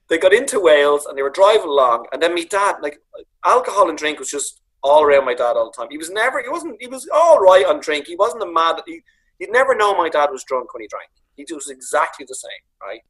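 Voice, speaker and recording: A Dublin man on a video call, telling lively anecdotes about his late father, acting out voices and swearing freely. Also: a little high, a little fast, husky, low-quality recording. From Ireland. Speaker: comedian guest. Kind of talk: casual storytelling on a video call.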